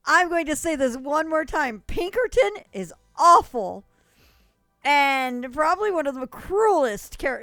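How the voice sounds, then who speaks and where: A woman's voice: high voice, a bit bright, no echo, clean studio sound. A young adult woman streamer chatting casually with viewers, gushing and rambling, with frequent coughs.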